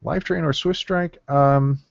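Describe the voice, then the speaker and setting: A man talking through his card picks at an unhurried pace, musing aloud and counting cards under his breath. His voice sits mid-range, recorded close on a dry, dull lo-fi mic. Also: a little high, steady tone, creaky, no room sound. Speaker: gameplay commentator. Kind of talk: casual deck-building commentary.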